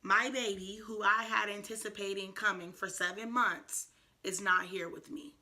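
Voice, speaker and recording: A woman in her twenties talking to camera in a personal vlog, soft, reflective and earnest, with frequent fillers. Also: mid-range voice, steady tone, normal speed. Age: 20s. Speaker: vlogger.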